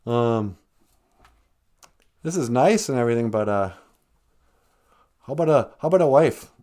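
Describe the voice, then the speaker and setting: A man voicing a naive, indignant first man, whining high questions in a comic retelling. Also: expressive, moderate pace, dark tone, natural voice. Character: naive bossy first man, grown male.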